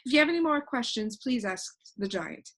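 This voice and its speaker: A woman voicing a fussy, scatterbrained, ordinary-sized man who rambles in a bright, raised voice. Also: a little high, lively intonation, brisk. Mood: rambling.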